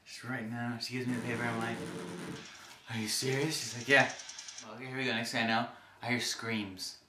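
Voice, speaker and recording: A man casually telling stories to the camera in an animated way, acting out the people he met. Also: mid-range voice, a little fast, reverberant, noisy background.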